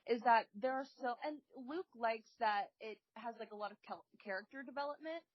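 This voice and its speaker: A woman's voice: a little high, brisk, dry recording. A woman co-hosting a podcast, chatting casually and stating her opinions emphatically. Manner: opinionated and emphatic, with frequent laughs. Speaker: podcast co-host. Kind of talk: casual chat. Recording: dry, dull lo-fi recording.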